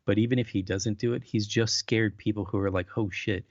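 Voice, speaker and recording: Podcast co-host, man, very low and gravelly, stammering and easygoing, dull dry recording. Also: fairly even intonation, brisk, no echo. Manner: rambling, stammers and restarts, agreeable. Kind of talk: casual conversation.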